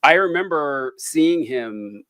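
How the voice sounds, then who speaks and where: Man, podcast host, high voice, dry close sound, chatty, laughs often. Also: lively intonation, slow pace, a bit bright, no room sound. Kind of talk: casual conversation.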